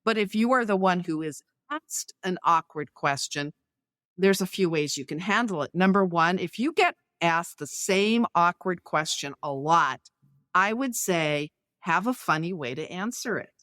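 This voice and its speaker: A woman's voice: on the low side, lively intonation, unhurried, fairly bright tone, no echo, clean studio sound. Woman explaining tips with stories. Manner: clear, instructive, illustrates points with anecdotes. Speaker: podcast guest. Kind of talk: explaining conversation tips in an interview.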